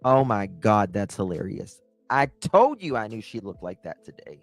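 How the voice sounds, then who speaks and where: A man's voice: on the low side, big pitch swings, moderate pace, gravelly, no echo, faint music behind, rough recording. A man hosting a live stream, giving casual, gossipy commentary that breaks into laughter and swearing.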